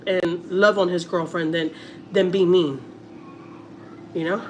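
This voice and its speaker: A woman's voice: fairly low pitch, fairly even intonation, measured pace, long pauses, a little hiss or hum. A middle-aged woman with a Texas accent chatting casually to viewers on a family livestream, repeating words and using many fillers.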